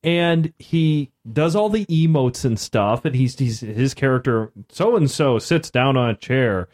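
A man co-hosting a casual podcast chat about role-playing games, telling stories with lively asides. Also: medium pitch, a little slow. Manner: animated storyteller, slips into mock voices. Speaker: podcast co-host.

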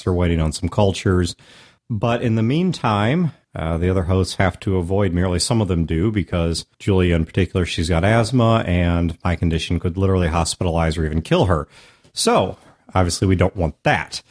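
An American man with a sore throat hosts a solo podcast on his own. His voice sits a little low, but he jokes and keeps jumping up and down in pitch. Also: darkish tone. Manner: joking, with big swings in pitch. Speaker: podcast host.

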